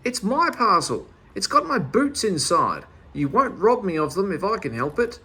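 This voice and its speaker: Man voicing flustered Mister Meddle, high and panicky. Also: huge pitch swings, moderate pace, vocal fry, bright, forceful tone, slightly rough, heavily acted. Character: bumbling flustered little man, excitable.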